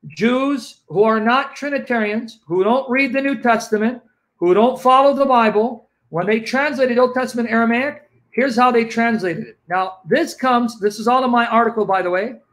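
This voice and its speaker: A man speaking as a guest apologist on a livestream, teaching emphatically and slowing down to repeat key phrases. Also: very high-pitched, fairly bright tone.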